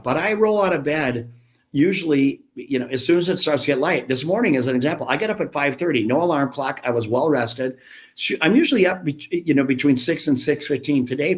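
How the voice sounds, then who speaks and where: A man's voice: a little high, animated, a little fast. Chatty, blunt man in his fifties. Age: 50s. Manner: blunt, chatty, self-deprecating storyteller. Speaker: gym franchise founder, guest. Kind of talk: casual podcast interview.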